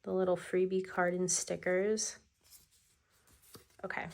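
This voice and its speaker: A woman's voice: on the low side, flat delivery, takes it slowly, gravelly, a little mellow, a little hiss or hum. A woman vlogger chatting casually as she unboxes her planners, enthusiastic about the stationery.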